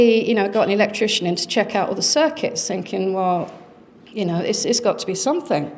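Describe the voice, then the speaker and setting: Woman telling an eerie family story. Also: fairly high pitch. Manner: earnest, dramatic retelling with pauses. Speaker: conference speaker. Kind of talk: personal storytelling talk.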